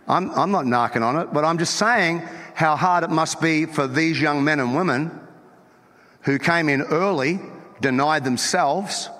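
A man's voice: a little high, fairly bright tone. A male pastor preaching a sermon in a church, emphatic and teasing, often repeating his words as he starts a thought. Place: church auditorium. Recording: long reverb from a large hall.

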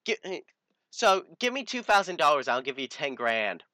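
A man's voice: on the high side, very animated, normal speed, pushed and bright, no echo. A teenage man voicing a pushy scheming woman scammer. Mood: wheedling.

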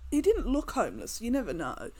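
A woman's voice: fairly high pitch, huge pitch swings, a little fast, darkish tone, husky. A young woman, co-hosting a casual chat, teasing and laughing often. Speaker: podcast co-host.

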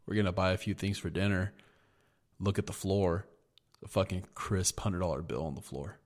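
A man with a fairly low voice rambles through a story on a podcast, swearing freely and talking casually. He co-hosts the show and sounds like he is just chatting with a friend. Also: normal speed, darkish tone. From United States. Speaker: podcast co-host. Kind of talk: casual chat.

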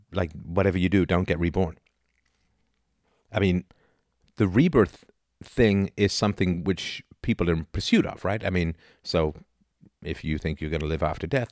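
Low-voiced guy explaining philosophy off the cuff, lots of restarts and "right?", dry close sound. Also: dry recording. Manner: restarts and repeats words, lively asides; leans on rhetorical "right?" checks. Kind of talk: unscripted explanatory talk.

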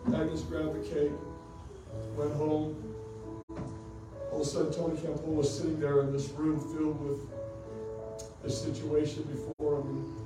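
Fervent evangelist in an echoing church. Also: male voice, a little high, monotone, normal speed, long pauses. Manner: fervent, rising to shouts in quoted speech. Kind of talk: revival sermon storytelling. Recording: echoey church hall from a distance, music behind.

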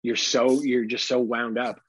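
A man co-hosting a podcast about fatherhood, talking candidly in casual chat, swearing freely and slipping into animated impressions. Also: medium pitch, unhurried, husky, dry recording, dull audio. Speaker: podcast co-host.

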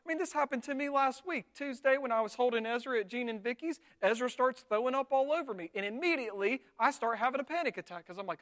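A man's voice: very high-pitched, very fast, few pauses. Conversational man preaching a sermon. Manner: conversational, with frequent rhetorical tags and animated retellings. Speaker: pastor.

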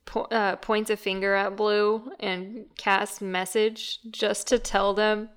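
A woman's voice: medium pitch, flat delivery, slow, few pauses, smooth. Teasing woman player at a tabletop game. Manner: teasing, laughs easily. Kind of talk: casual tabletop game chat.

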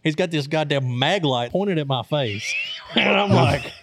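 Animated, cussing man telling a story. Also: fairly high pitch, measured pace, a crowd in the background. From Arkansas. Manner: profane, animated, laughs while telling. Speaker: storyteller host. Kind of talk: casual storytelling.

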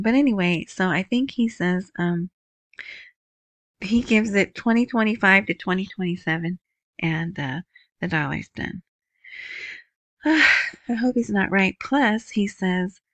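A woman's voice: medium pitch, no room sound. A woman hosting a casual news commentary, chatty, who often asks "right?". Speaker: video host.

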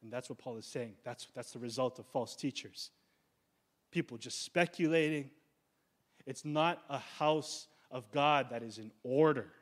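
A male pastor preaching a sermon in a conversational, urgent way, slowing down on key words. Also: medium pitch. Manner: conversational preaching, slows down for emphasis.

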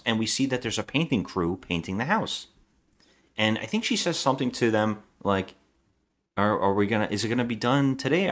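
A man co-hosting a movie podcast, recounting scenes in animated casual chat. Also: lowish voice. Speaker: podcast co-host.

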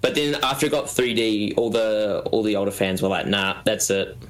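A man's voice: fairly low pitch, fairly quick. A man on a podcast panel, chatty and explaining things while laughing along. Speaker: podcast guest. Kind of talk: casual group chat.

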